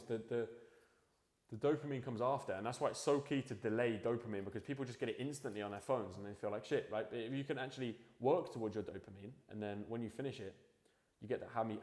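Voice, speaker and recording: A man's voice: lowish voice, a little mellow. A young man talking to the camera in a casual motivational monologue at home at night, rambling, swearing freely and restarting his sentences. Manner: drops to mumbling while searching for a quote. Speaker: vlogger. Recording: echoey room with long reverb.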